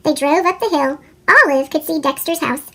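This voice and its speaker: A woman reading a children's picture book aloud in an animated storytelling manner, her voice sped up into a chipmunk pitch. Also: normal speed. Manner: animated, sing-song storytelling. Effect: sped-up chipmunk pitch shift. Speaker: storybook reader.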